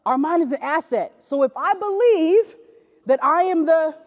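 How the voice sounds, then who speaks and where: A woman giving a motivational talk to young basketball players, leading energetic call-and-response. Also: extremely high pitch, moderate pace. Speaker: youth basketball motivational speaker. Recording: echoey gym from a distance.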